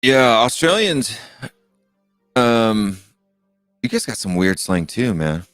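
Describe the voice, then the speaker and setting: A man's voice: lowish voice, slow, clear, resonant tone, no echo, clean studio sound, faint music behind. A middle-aged man hosting a live call-in show, chatting casually and rambling with many fillers and restarts. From United States. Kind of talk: casual live-stream chat.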